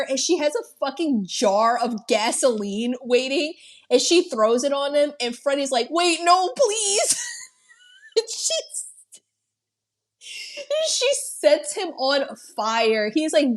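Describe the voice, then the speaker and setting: A woman co-hosting a podcast, retelling a film scene in an animated, profane way. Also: high-pitched. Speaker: podcast co-host. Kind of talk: casual film discussion.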